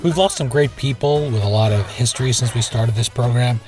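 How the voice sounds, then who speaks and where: A man's voice: mid-range voice, a little fast, faint music behind. A man co-hosting a casual talk show, telling stories in a reflective, chatty way. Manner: storytelling, reflective, with occasional laughs. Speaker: podcast co-host. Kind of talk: casual conversational chat.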